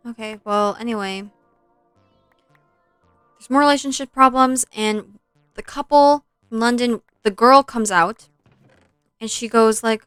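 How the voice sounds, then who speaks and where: A woman's voice: a little high, unhurried, long pauses, fairly bright tone, clean tone, dry recording, soft background music. A young woman streaming a video game, chatting casually and retelling a film in between plays, with lots of likes and ums. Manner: chatty, scattered, filler-heavy, swears at the game.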